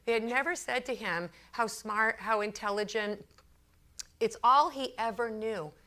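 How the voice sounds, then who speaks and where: A woman speaks to a business crowd with a bright, sharp voice. She tells her workplace story in a lively, chatty way and acts out the people in it. Her talk is loose and full of fillers. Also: a little high, unhurried. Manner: frequent fillers and repeated phrases. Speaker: consultant giving a talk. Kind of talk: storytelling speech to a business audience.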